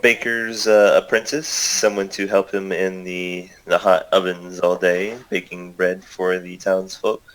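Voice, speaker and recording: A man's voice: low-pitched, little pitch movement, a little slow, few pauses, rough recording. A man acting as game master, narrating a tabletop game in a loose, improvised way with many fillers.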